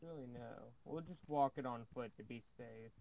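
A man chatting casually while playing a co-op game, laid-back and thinking out loud. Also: mid-range voice, normal speed, gravelly, poor audio. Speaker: gamer. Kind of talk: casual gaming chat.

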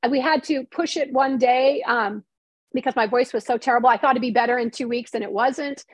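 A middle-aged woman, a guest on an interview show, telling stories in lively casual chat and acting out the lines of people she quotes. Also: fairly high pitch, a little fast, slightly rough, dry recording. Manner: animated storytelling, acts out quoted dialogue. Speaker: interview guest, novelist and screenwriter.

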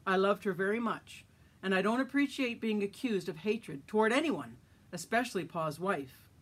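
A woman's voice: medium pitch, expressive, moderate pace, breathy edge. A woman reading a story aloud, voicing a reserved older brother cowboy who answers firmly. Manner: firm, clipped replies.

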